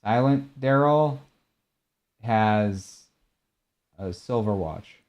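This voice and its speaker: A young man talks casually through a game stream in a slightly low voice. He answers viewers' questions in a relaxed, chatty way. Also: extremely slow. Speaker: gaming streamer. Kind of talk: casual chat while showing game skins.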